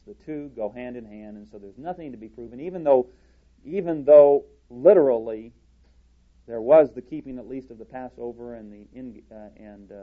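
A man preaching a sermon from a church podium, deliberate and halting, with frequent restarts. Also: mid-range voice, highs cut off.

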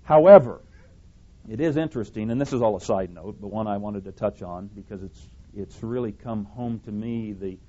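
A man's voice: on the low side, fairly quick, warm tone. A man preaching a sermon, speaking emphatically, repeating phrases and correcting himself as he goes. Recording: dull lo-fi recording.

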